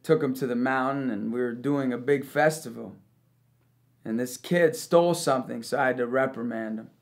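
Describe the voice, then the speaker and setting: With a mid-range voice at a moderate pace, a man who is a youth leader tells a personal story of forgiveness. He narrates vividly, shifting between loud and hushed moments and bursting into laughs.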